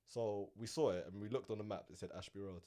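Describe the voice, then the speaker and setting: Fast-talking young London man. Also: fairly low pitch. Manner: animated storytelling, slangy. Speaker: friend in group chat. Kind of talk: casual banter.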